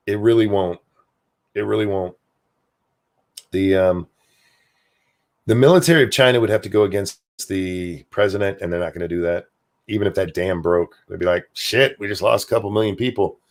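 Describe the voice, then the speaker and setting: A man from the United States hosting a livestream, rambling casually and cursing freely as he reads out viewer comments. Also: lowish voice. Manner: rambling, profane, offhand. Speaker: livestream host.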